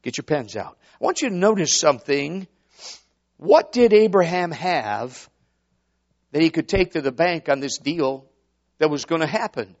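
Male preacher, very animated pitch, call-and-response sermon, muffled recording. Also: moderate pace. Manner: dramatic, swooping, rhetorical, call-and-response.

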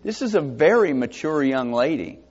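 A man with a husky, fairly high voice preaches at normal speed, captured in dull audio. He teaches the Bible verse by verse, reading scripture aloud in King James wording and posing rhetorical questions in a lively, animated style.

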